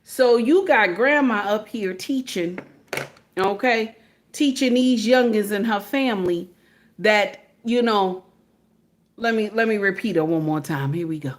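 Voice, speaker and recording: A woman's voice: mid-range voice, a little slow. A woman giving emphatic, preachy casual commentary to her viewers, repeatedly checking in with "okay?".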